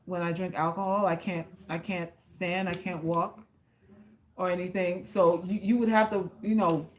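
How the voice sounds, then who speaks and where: A woman's voice: fairly low pitch, steady tone, moderate pace. A woman hosting a casual live stream, reading viewer comments aloud and answering them in a blunt, teasing, slangy way, with some profanity. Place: South Florida.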